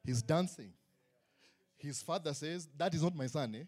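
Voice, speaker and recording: A man's voice: fairly high pitch, normal speed. A man preaching a sermon in a church tent, joking and acting out the people he quotes. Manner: animated, joking, acts out quotes. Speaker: pastor.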